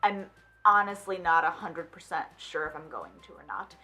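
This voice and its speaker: A woman's voice: on the low side, normal speed, bright, forceful tone, soft background music. A young woman vlogging her reaction to a film, talking casually, exclaiming and asking questions aloud as she watches.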